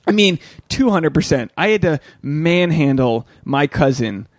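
A man's voice: a little high, lively intonation, a little slow, dry recording, studio quality. A young man co-hosting a casual podcast, rambling and crude as he tells stories and acts out quoted lines. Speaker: podcast co-host.

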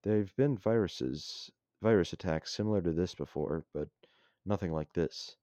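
A man's voice: low voice, moderate pace, warm tone, dry recording, close to an everyday voice. A man voicing an anxious young soldier who keeps asking questions, read out plainly. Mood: uneasy.

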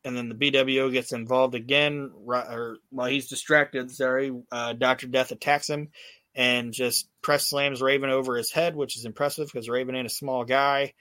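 A man's voice: mid-range voice, flat delivery, normal speed, pushed and bright, dry recording. Man, podcast host, casual rambling recap, swears freely, lots of ums and restarts, dry close sound. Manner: rambling, profane storytelling with many fillers and restarts.

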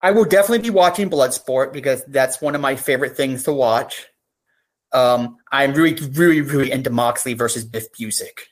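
A woman's voice: a bass voice, brisk. A woman talking as a podcast guest, earnest and open, turning emotional on serious points. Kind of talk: casual podcast chat.

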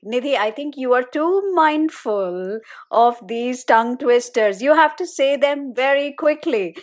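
Woman co-host, high voice, playful and laughs easily. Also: expressive, a little slow. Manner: giggly, playful. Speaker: storyteller and podcast co-host. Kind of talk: casual podcast chat.

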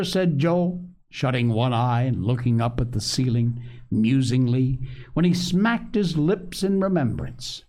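A man's voice: medium pitch, measured pace, a little mellow. A man hosting a show, reading a classic children's story aloud expressively. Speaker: podcast host reading a story.

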